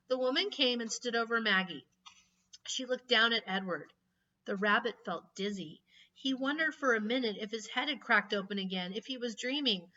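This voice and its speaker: A woman reading a children's book aloud in an expressive, emotional way. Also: a little high, moderate pace. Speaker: reader. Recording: slightly distant, dull lo-fi mic.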